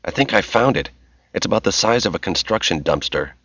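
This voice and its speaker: A man voicing a calm, dryly wry man exploring a dark, foul place while talking over an earpiece. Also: sits low, brisk, breathy edge, no room sound, full character voice. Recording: slightly dull dry recording.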